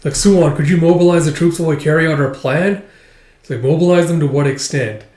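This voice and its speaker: A man's voice: on the high side, quick pace, a little mellow, reverberant. A man recapping a manga volume in a rambling, casual way, full of fillers. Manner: rambling, filler-heavy retelling. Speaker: manga reviewer.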